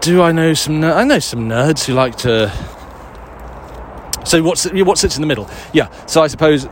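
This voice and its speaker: A man's voice: fairly high pitch, expressive, normal speed. A man talks loosely to his listeners while walking outdoors, audibly out of breath. He rambles, swears freely and laughs at himself as he answers questions. Faint outdoor noise sits behind his voice. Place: woods outdoors, walking a dog.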